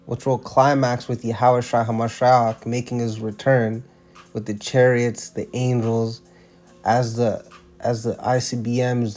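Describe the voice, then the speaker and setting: A man's voice: medium pitch, darkish tone. A man giving casual religious commentary, emphatic and slangy, often restarting his sentences.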